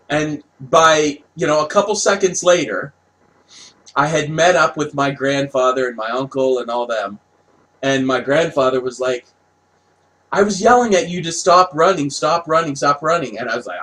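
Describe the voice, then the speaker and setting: Slow-talking man telling a wild story. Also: medium pitch, low-quality recording. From Canada. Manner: animated, swears, laughs while telling. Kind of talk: casual storytelling.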